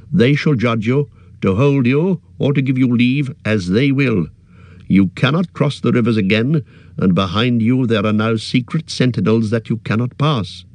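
A man's voice: medium pitch, a little mellow, no room sound, lightly acted. A man reading aloud and voicing a stern, noble male elf guard leader who speaks formally and evenly. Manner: formal, measured.

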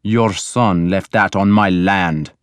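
A man reading the part of a stern, angry Viking lord, speaking slowly and harshly. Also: low-pitched, fairly even intonation, clean tone, no room sound, studio quality. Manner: slow, harsh, menacing delivery.

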